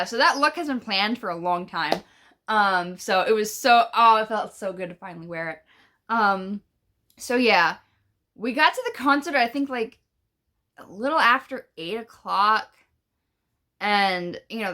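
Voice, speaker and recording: This vlogger, a young woman at home indoors, has a bright, forceful mid-range voice and takes her time. Her storytime wanders, full of casual swearing and plenty of "like" and "bruh."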